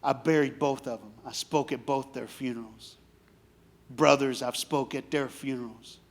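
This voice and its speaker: A man preaching a sermon in a storytelling way, dropping to quiet asides and then rising to loud, shouted preaching. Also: mid-range voice, fairly even intonation, normal speed, gravelly. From grew up in foster care. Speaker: guest preacher.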